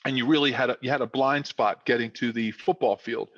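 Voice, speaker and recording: A man in his fifties recounts old football days in a casual, rambling way, stacking fillers as he goes. His voice sits at a middle pitch. The recording is dry and slightly muffled, like a remote podcast call. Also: fairly quick, no room sound. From South Philadelphia. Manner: rambling, animated with many fillers. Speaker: podcast guest, former football player. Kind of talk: casual storytelling.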